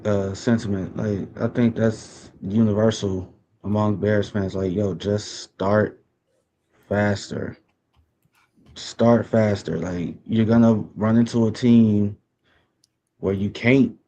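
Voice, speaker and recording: A man's voice: lowish voice, dark tone, slight background noise. A man co-hosting a sports podcast, ranting with profanity and repeating himself for emphasis. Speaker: podcast co-host. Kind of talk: heated sports talk.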